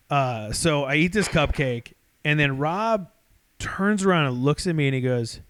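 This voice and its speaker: Brief: podcast co-host, man, slightly high voice, profane laughing storyteller. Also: expressive, measured pace, fairly bright tone. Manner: swears a lot, laughs through his own story. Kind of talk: casual storytelling chat.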